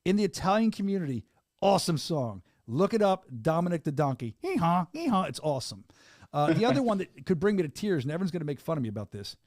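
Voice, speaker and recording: A middle-aged man hosts a podcast in fast, animated banter. His voice sits fairly high, and the sound is close and dry with no room in it. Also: no room sound. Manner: animated, joking, fast-talking. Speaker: podcast host. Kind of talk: casual podcast chat.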